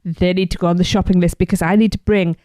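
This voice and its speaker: A woman's voice: on the low side, steady tone, fast talker, mellow, no room sound, studio quality. A woman co-hosting a fan podcast, chatting and announcing birthdays in a bubbly way. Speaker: podcast co-host. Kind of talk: casual chat.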